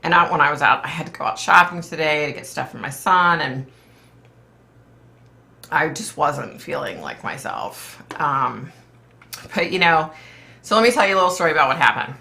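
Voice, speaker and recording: Psychic-medium host, woman, low gravelly voice with a bright edge, chatty live-stream rambler. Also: lively intonation, normal speed, pauses often. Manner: rambling, chatty, full of "like" and "you know". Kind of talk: casual live-stream chat.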